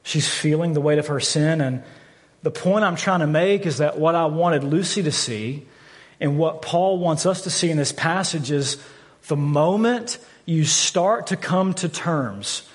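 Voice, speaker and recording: A man's voice: fairly high pitch, measured pace. A man in his thirties preaching a sermon, earnest and candid, often repeating words as he stresses a point. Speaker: pastor. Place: church sanctuary. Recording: long hall reverb from a church.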